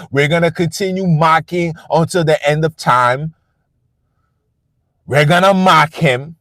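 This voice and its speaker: The speaker is a man with a slightly high, somewhat bright voice and no echo. On his live stream he delivers a profane, defiant rant, bluntly pounding away at the same lines again and again.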